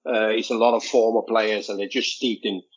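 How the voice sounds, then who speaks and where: Danish-born ex-player man as pundit; low, husky, thoughtful podcast chat, dull lo-fi audio. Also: fairly even intonation. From Denmark. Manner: reflective, measured, rhetorical tags. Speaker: football pundit, former player.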